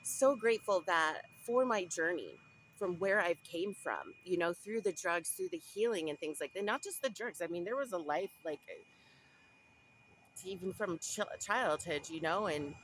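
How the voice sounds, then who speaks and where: Speaking at a normal speed in a lowish, expressive, slightly bright voice, a young woman from Southern California keeps a casual spiritual diary on her vlog. She rambles with many restarts and asides, over slight background noise in a rough recording.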